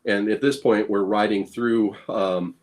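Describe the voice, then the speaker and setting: A man's voice: lowish voice, steady tone, measured pace, darkish tone. A man, a guest blacksmith, telling casual anecdotes full of fillers and restarts, acting out quoted lines. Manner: playful, acts out quoted lines. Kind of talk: casual storytelling chat.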